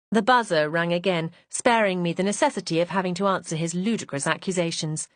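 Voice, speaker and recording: A woman narrating a first-person audiobook mystery in a composed, expressive manner. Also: lowish voice, brisk, hardly any pauses, dry recording.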